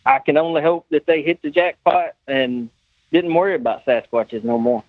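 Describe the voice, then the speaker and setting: Guy telling a story and doing everybody's lines, kinda high voice, dull dry recording. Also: moderate pace, dry recording. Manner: animated anecdote teller acting out quoted dialogue. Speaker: guest, custom car builder. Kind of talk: casual storytelling.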